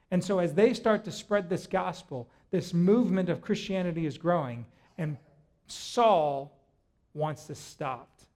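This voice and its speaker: A man preaching a sermon, retelling a story in a lively way and often stopping to restart his words. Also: high voice, unhurried. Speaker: pastor.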